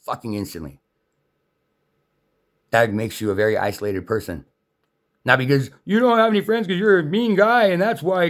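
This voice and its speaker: Man ranting, heated and profane. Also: medium pitch. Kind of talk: angry unscripted rant.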